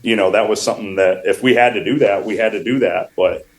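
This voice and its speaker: A low-pitched man from upstate New York chats casually about job sites. He rambles, restarts his phrases and laughs often as he tells shop stories. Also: fast, poor audio. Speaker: wood flooring contractor guest. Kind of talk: casual podcast conversation.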